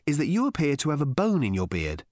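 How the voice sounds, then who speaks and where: A man voicing an unflappable, worldly male traveller in an audiobook, with a dry, brisk, sardonic delivery. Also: a little high, huge pitch swings, a little mellow, no echo, pitched above the performer's own voice. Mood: matter-of-fact. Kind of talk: audiobook character voice.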